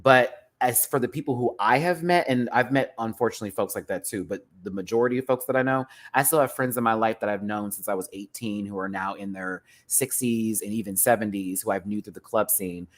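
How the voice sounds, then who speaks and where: A man ranting casually as a show reviewer, sassy and animated, laughing often and swearing freely. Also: lowish voice, brisk, hardly any pauses. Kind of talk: casual reaction rant.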